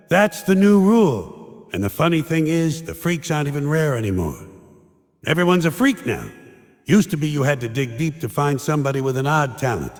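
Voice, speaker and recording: An older man delivering a sardonic stand-up monologue, mocking and ranting in punchy short lines. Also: on the high side. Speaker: stand-up comedian. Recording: long hall reverb.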